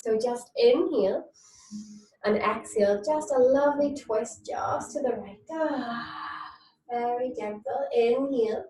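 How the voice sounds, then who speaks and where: A woman leading a mum and baby yoga class, giving soft, soothing instructions and cooing at babies in a sing-song voice. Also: a little high, slow pace, a little hiss or hum. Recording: echoey room, mic at a distance.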